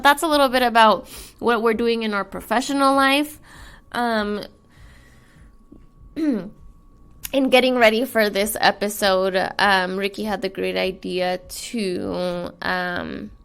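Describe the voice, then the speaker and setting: Soft-spoken, hesitant woman podcast host. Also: mid-range voice, takes it slowly, smooth. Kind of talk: casual chat.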